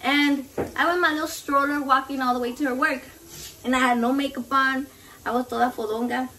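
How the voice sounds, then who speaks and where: A woman's voice: sits high, fairly even intonation, fairly quick, pushed and bright. A Mexican-American woman in her thirties who mixes in Spanish, chatting and rambling in a foul-mouthed way while she cooks in her home kitchen. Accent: Mexican-American, mixing in Spanish. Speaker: cooking vlogger. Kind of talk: casual cooking vlog chat. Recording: slightly distant mic, faint background noise.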